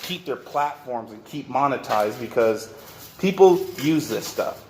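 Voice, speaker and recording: Man, mid-pitched, profane rambling rant in a workshop, clattering noise behind. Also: expressive, unhurried, darkish tone, echoey room. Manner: rambling, profane, repeats and restarts. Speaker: vlogger. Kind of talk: rant to camera.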